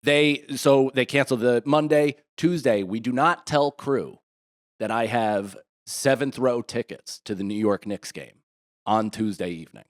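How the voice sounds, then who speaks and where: Rambling, animated man telling a story. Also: medium pitch, unhurried. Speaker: podcast co-host. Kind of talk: casual chat.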